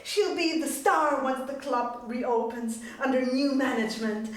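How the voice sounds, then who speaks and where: A woman playing a pushy, lovesick woman in a stage reading of a musical, gushing and pleading loudly. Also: sits high, measured pace, far from the mic. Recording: roomy live recording from afar.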